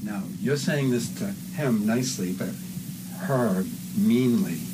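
A man's voice: lowish voice, slow. A man directing a casual voice recording session, laughing and giving line readings to his actors. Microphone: studio mic. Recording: loud background hiss.

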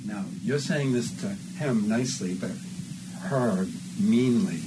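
A man directing actors through an amateur audio drama recording, chatty and quick with directions. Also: lowish voice. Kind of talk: casual directing. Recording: loud background noise.

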